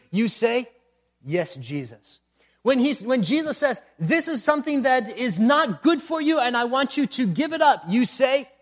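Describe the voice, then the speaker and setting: Man preaching a sermon, high voice, very lively pitch, emphatic repeated refrains. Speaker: pastor.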